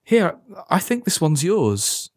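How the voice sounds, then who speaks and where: A man's voice: on the high side, very animated, slow pace, no echo, voice pushed up, full character voice. A man voicing a timid schoolboy who stammers when flustered. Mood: nervous.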